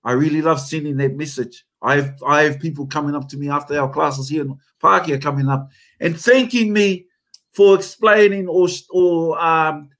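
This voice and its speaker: A man with a New Zealand accent, a haka teacher and company founder, telling stories in an animated, emphatic way during a casual interview. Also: a little high.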